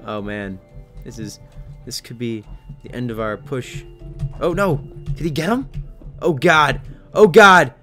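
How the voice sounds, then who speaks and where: A young man giving excitable live commentary over his own gameplay, cheering and yelping at what happens on screen. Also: medium pitch, unhurried, long pauses, soft background music. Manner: excitable, yelps and laughs at game events. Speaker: gaming channel host.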